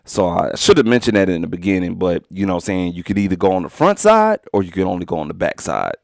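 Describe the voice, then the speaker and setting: A man with a very low, gravelly voice talks through studio gear in a relaxed, rambling live-stream demo. He is loose and slangy, speaking close into a studio microphone. The sound is dry and close, with no room around it. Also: quick pace, dry recording. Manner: laid-back, rambling, slangy with filler phrases. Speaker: music producer demonstrating an audio interface. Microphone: studio microphone into the interface.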